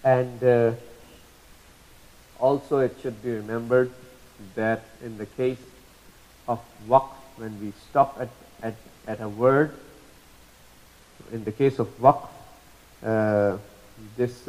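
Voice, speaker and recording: A man teaching a lesson, patiently spelling out terms, repeating examples slowly and asking checking questions. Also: mid-range voice, fairly even intonation, a little mellow, low-quality recording. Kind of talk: explanatory lesson.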